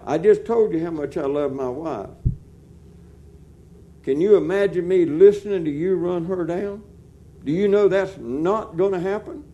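A man preaches with folksy, animated energy. His voice sits high for a man but has a dark, mellow tone. He swells to loud, emphatic peaks. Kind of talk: sermon.

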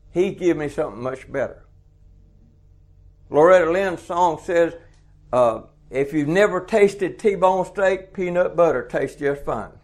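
A man preaching a folksy sermon, chuckling often and acting out little dialogues. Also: fairly high pitch. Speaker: truck stop preacher.

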